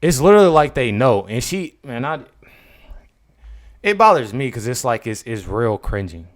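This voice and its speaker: A man of middle pitch comments casually on his vlog. He rambles, circles back and repeats himself, and keeps turning to address his viewers. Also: very animated, normal speed. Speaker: political commentary vlogger.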